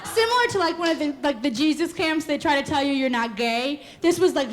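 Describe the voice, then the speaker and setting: A woman in her twenties performing a live comic storytelling set, animated and quick, often laughing through her lines. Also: high voice. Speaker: comedic storyteller.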